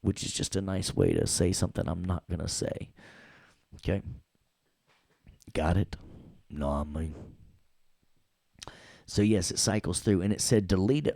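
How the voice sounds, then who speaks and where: Middle-aged New York man, playful software instructor, low voice with a gravelly edge. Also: a little slow, long pauses, no echo. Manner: playful, jokey, scats and hums along to the music. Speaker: audio workstation instructor. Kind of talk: casual screen-recorded lesson.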